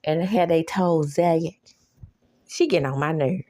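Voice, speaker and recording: Low, a little slow and dark in tone, this woman's voice comes through with no room sound. As a recap host, she runs through a TV episode casually and with plenty of sass, reacting, laughing a lot and performing the characters' dialogue.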